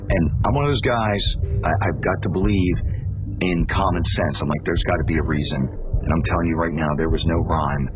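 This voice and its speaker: Deep-voiced man telling a spooky tale. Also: noisy background. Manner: earnest, building suspense. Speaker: storyteller. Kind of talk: first-person spooky story. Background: music.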